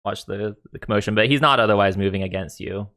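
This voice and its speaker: A man's voice: fairly low pitch, fast, sharp tone. Casual male dungeon master, loose rambling narration with fillers and swearing. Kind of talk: narrating a tabletop game.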